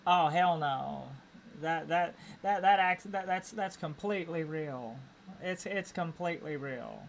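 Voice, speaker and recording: A woman's voice: lowish voice, slow, gravelly, a little hiss or hum. A woman streamer with an Appalachian accent chatting casually while gaming, rambling, repeating words and restarting her sentences.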